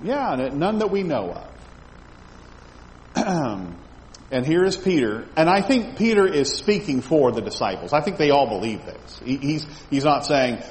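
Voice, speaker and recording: A fairly high, darkish voice with big pitch swings belongs to a man teaching a Bible study class at an unhurried pace. He reads scripture aloud, quizzes his listeners and repeats words as he thinks; faint noise and echo fill the hall.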